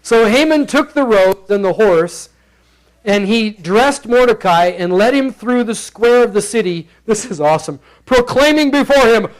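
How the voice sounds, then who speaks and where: A high-pitched male pastor preaching from the pulpit, playful and animated as he acts out the characters. He talks to the congregation like a friend, breaking into quick voices for each character. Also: poor audio. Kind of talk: expository sermon. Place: church sanctuary.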